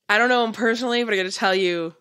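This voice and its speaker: A woman's voice: medium pitch, brisk, fairly bright tone, clear, resonant tone. A woman co-hosting a comedy podcast, chatting casually and joking, laughing often. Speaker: podcast co-host.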